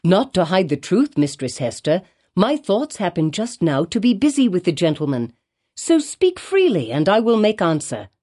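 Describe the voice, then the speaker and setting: A woman's voice: on the low side, big pitch swings, moderate pace, warm tone. A woman voicing an old male physician in a storybook, bitter and gloating, with an intense, insistent delivery. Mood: eager.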